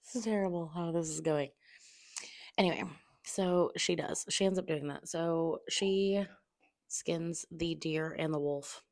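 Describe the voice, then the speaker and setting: Low gravelly woman recapping a book. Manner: blunt, swears freely, acts out characters in quick asides; drops to a near-whisper at times to keep quiet. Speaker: book reviewer. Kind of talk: casual spoilery book review chat. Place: home room at a table.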